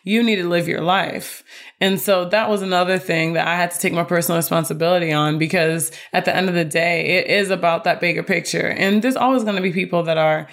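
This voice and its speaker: A woman's voice: lowish voice, steady tone, brisk. Earnest woman podcast co-host. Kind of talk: casual podcast chat.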